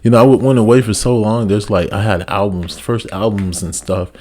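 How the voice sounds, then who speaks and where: Young guy guest, low voice, rambling casual talk with a freestyle rap. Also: steady tone, fairly quick, dark tone. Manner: loose, rambling, swears casually. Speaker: guest rapper.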